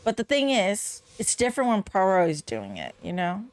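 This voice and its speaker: A woman's voice: mid-range voice, wildly swooping pitch, moderate pace, no echo. Chatty young woman gameplay streamer. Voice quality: chatty, lots of "like". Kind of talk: casual let's-play commentary.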